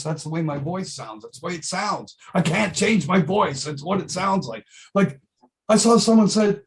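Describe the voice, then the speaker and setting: Emphatic middle-aged male musician, fairly high. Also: animated, moderate pace. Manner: emphatic, repeats himself, swears freely. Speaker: musician guest. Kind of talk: casual interview chat.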